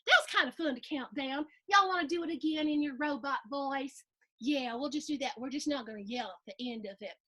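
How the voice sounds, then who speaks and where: A middle-aged woman, reading a picture book aloud to children with animated gasps and playful asides. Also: sits high, fairly quick. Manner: animated, gasping, playful asides to young listeners. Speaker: storytime host reading to children.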